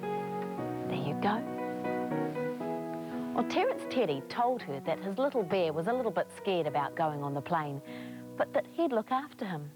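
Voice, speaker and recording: Lively New woman telling children a story. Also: fairly low pitch, fairly quick, over loud music, low-quality recording. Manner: lively, encouraging, sing-song. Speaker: children's TV presenter.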